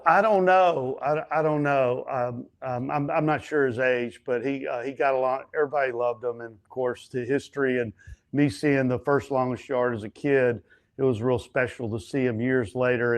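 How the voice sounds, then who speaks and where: A stuntman and actor telling set stories as an interview guest, animated and chatty, acting out other people's lines. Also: mid-range voice. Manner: frequent fillers and restarts. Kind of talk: casual storytelling interview.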